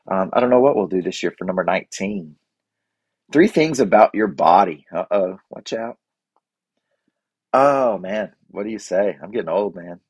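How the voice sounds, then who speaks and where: A man in his forties with a fairly low voice, chatting in a relaxed, rambling way full of fillers and little restarts. The sound is dry and close, with no room echo. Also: normal speed, breathy edge, muffled recording. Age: 40s. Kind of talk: casual reflective chat.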